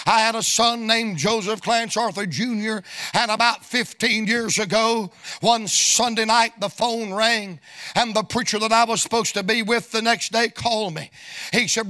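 A middle-aged man, preaching a storytelling sermon in a folksy, sing-song cadence that rises into shouts. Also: high voice. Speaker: evangelist preacher.

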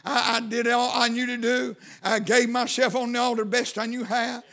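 High, bright-voiced fervent preacher man. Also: little pitch movement, normal speed. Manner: fervent, rising to shouts and whoops; folksy, repetitive cadence. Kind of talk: testimony sermon.

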